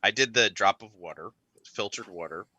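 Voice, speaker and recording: A man co-hosting a casual whisky tasting, asking questions in a wry, animated way. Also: fairly low pitch, normal speed, dry recording, poor audio.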